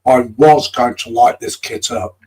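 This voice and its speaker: A man on a live stream panel, calmly explaining his work step by step. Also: mid-range voice, unhurried, slightly rough, far from the mic, low-quality recording. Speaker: guest panelist. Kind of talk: casual live-stream chat.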